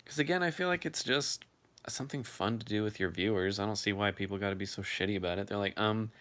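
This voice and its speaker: Man, deep voice, laid-back live chat, reads out viewer comments, swears a lot. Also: quick pace, fairly bright tone. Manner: loose and swears freely. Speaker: livestream host answering viewer chat.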